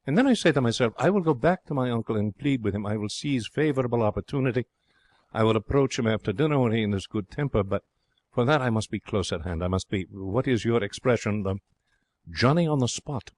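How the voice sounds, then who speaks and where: A man reading an audiobook, voicing an excitable, romantic young Frenchman who tells his tale in broken English. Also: medium pitch, a little fast, no room sound, lightly acted. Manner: theatrical, broken English phrasing. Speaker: audiobook narrator.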